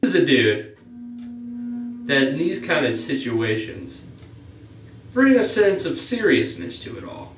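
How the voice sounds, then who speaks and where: A man's voice: measured pace, pauses often, distant mic. Rambling teen guy in an echoey room. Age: teens. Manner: rambling, fills with "you know"; jumps up in pitch on excited parts. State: stuffy nose. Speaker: vlogger. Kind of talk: casual storytime monologue.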